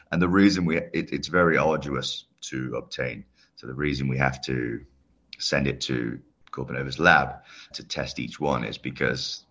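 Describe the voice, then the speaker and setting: A UK man, head of a longevity company, appears as a guest on a podcast interview and enthusiastically explains his work. He has a bass voice with a sharp, slightly rough tone, recorded with dull lo-fi sound.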